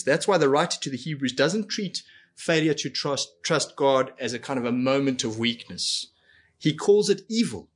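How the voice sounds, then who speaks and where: A man's voice: medium pitch, lively intonation, normal speed. A man preaching a sermon in an earnest way, asking rhetorical questions and acting out quoted lines. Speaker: pastor.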